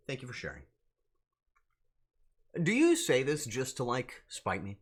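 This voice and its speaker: A man's voice: medium pitch, huge pitch swings, unhurried, long pauses, slightly rough. A young adult man chatting casually on a livestream, joking in mock outrage and swearing freely. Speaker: streamer.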